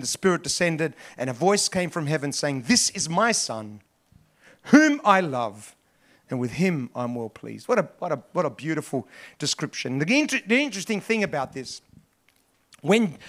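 A middle-aged man preaching a sermon as pastor, emphatic and repetitive, swinging between loud stresses and soft asides. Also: fairly high pitch.

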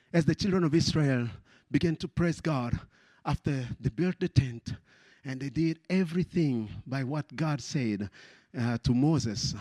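A man delivers a passionate sermon in English, which isn't his native language, repeating phrases and climbing into shouts of praise. His pitch is medium and the recording is dry.

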